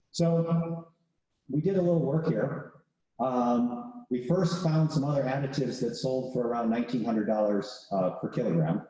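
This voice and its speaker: A man's voice: medium pitch, dark tone. A man giving a classroom lecture on pricing, telling a case story in a conversational way and often checking in with "right?". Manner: conversational, tags points with "right?". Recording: echoey lecture room.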